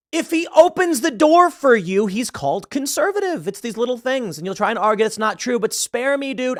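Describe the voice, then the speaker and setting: A man giving sarcastic, animated political commentary on a news story, with frequent asides. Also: high-pitched, no echo, clean studio sound.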